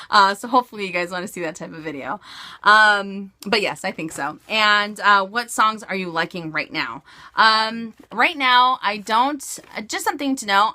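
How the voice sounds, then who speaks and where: A woman's voice: mid-range voice, bright, forceful tone. A woman from California answering viewer questions in a casual vlog, bubbly and chatty with frequent giggles. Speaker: beauty and fashion vlogger.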